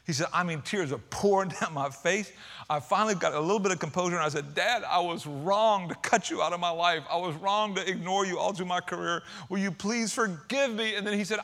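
A man preaching a sermon, retelling a story with emphatic swings between loud outbursts and hushed, quiet passages. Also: high voice, brisk.

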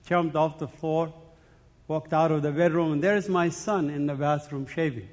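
Sharing his faith testimony in church, a middle-aged man speaks earnestly and emotionally, frequently repeating himself and starting phrases over. His voice is a little high yet darkish, steady in tone, at a moderate pace, with long hall reverb.

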